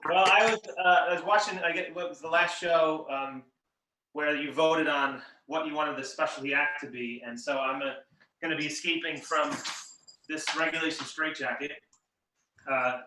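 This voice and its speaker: A man's voice: a little high, normal speed, background noise. A man appearing as a magician guest on a video call from home, chatting easily and talking through a trick with plenty of fillers. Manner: easygoing, chatty, with many fillers. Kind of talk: casual chat with magic patter. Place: home in a room with echo. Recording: roomy echo, distant from mic.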